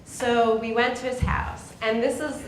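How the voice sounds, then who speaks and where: A woman's voice: a little high, measured pace. A middle-aged woman moderating an event, telling a personal story to an audience with feeling and acting out voices, on a microphone in a synagogue hall. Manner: emotional, animated, acts out voices in her story. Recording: echoey hall with faint noise.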